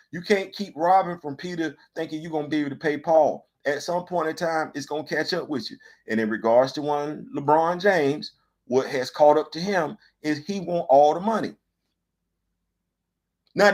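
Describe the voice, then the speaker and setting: High-voiced man ranting about sports. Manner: animated, rhetorical questions, colloquial. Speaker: host. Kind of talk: casual opinion commentary.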